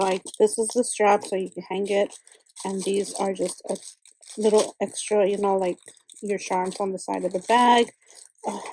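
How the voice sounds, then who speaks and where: A woman's voice: medium pitch, dark tone, a little hiss or hum, low-quality recording. A woman hosting a craft channel, unboxing a gift in a casual vlog, gushing and exclaiming often with plenty of fillers.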